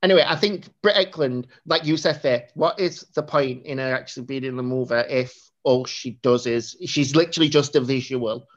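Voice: mid-range voice, fairly quick, hardly any pauses. Rambling podcast co-host, muffled sound. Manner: rambling, lots of fillers and laughs. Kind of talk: casual film chat. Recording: dull lo-fi recording.

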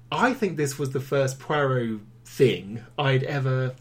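A man's voice: medium pitch, slow. A man co-hosting a film review podcast, chatting casually with a wry, teasing manner.

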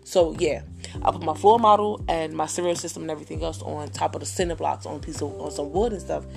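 Rough gravelly voice, mid pitch, ranting casual story with lots of cursing. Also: steady tone, fast talker, music in the background. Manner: profane, repetitive, heated. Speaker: vlogger.

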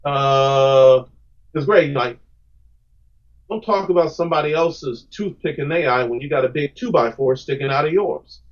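A man's voice: a little high, normal speed. Earnest emphatic man, muffled audio. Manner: earnest, emphatic, repeats words when starting a thought. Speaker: guest comic book creator. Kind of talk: podcast interview answers.

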